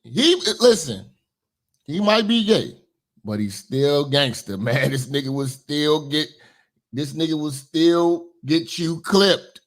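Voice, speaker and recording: A man hosting a commentary channel, reacting to a book in slangy, emphatic casual talk that climbs higher as he gets worked up. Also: expressive, slow pace.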